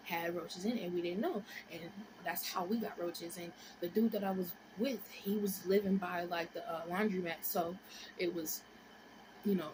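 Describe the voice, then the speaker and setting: A woman in her twenties tells a story on her vlog, animated and profane, dropping into whispers and rising into shrieks. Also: medium pitch, noisy background. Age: 20s. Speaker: vlogger.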